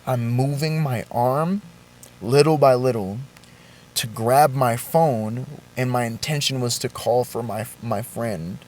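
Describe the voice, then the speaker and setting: A young man vlogging a confessional story, shaken and halting, with swearing and frequent restarts. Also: mid-range voice, darkish tone.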